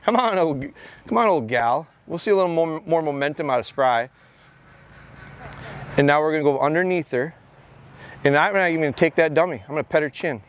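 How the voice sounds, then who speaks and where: A man's voice: fairly high pitch, animated, brisk, pauses often. A man in his thirties teaching a dog training class outdoors on a mowed field, coaching handlers and often repeating his words as he gives instructions.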